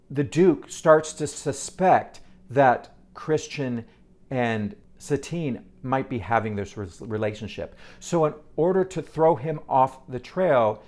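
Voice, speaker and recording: A man reviewing a stage musical in a casual, animated way, with exasperated asides and quick restarts. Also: medium pitch. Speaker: theater reviewer.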